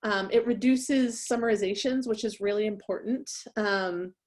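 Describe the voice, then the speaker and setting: A woman's voice: mid-range voice, normal speed, a little mellow. A woman who trains interpreters, giving a conversational webinar presentation and often checking in with her listeners. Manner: conversational, checks in with frequent "right?".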